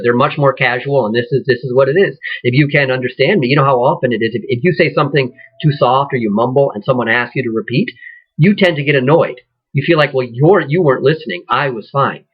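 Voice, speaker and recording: A man's voice: mid-range voice, slightly rough. A man with a Midwestern accent, talking loosely to acting students, often restarting his sentences. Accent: Midwestern American. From American Midwest. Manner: loose, rambling, with frequent restarts. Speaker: acting teacher. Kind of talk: casual instructional talk. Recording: dull lo-fi recording.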